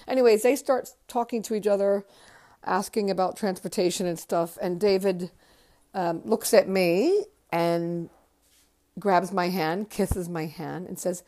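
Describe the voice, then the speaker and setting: A woman's voice: lowish voice, normal speed. Chatty woman in her fifties telling a memoir. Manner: chatty, conversational, drifting softer at times. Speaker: podcast host. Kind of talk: casual memoir storytelling.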